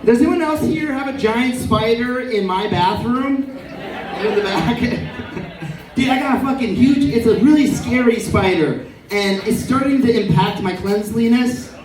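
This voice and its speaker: A man in his thirties doing a stand-up comedy set, telling absurd stories in a deadpan way. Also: extremely high pitch, a little slow. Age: 30s. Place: comedy venue stage. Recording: roomy live room, distant, crowd laughter. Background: audience laughing.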